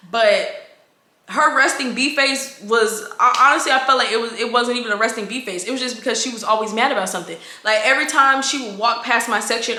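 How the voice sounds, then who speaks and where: A young woman in her twenties tells a casual storytime in a bright, forceful voice pitched a little high. She is blunt, slangy and animated, and her voice bounces off an echoey room. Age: 20s. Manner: animated, slangy and blunt, quotes coworkers in quick asides. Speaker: vlogger.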